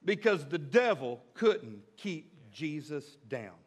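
A preacher delivers an emphatic sermon in a high voice for a man. He stresses and repeats his key phrases. His pace swings from drawn-out lines to quick bursts. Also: very animated, slightly rough. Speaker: pastor.

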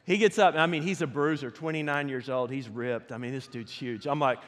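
A man preaching a sermon as pastor, telling a story with animated energy that rises and falls. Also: medium pitch, fairly quick, few pauses. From United States. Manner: animated storytelling, rising loud for excitement. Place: church sanctuary. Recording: reverberant church hall.

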